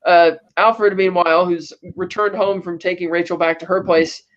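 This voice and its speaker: High-voiced man rambling through a recap. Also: fairly even intonation, moderate pace, muffled recording. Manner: rambling retelling with loose paraphrased quotes. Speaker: podcast co-host. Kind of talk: casual movie recap.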